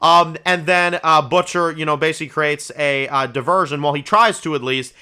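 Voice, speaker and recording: Bright, excitable man rambling a TV review. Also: a little high, normal speed, clean tone. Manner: rambling, excitable, swears freely, many "you know"s. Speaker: TV review channel host. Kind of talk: casual spoken review.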